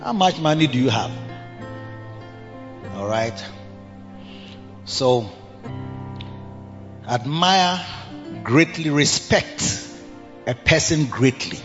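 Male pastor, high voice, emphatic sermon with rhetorical questions, church reverb. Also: lively intonation, drawn-out words, long pauses. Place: church service. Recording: dull long church reverb with music.

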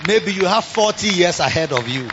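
A man's voice: high voice, lively intonation, moderate pace, crowd noise, background noise. A man, preaching a sermon with sing-song calls and exclamations. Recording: dull lo-fi recording with faint music.

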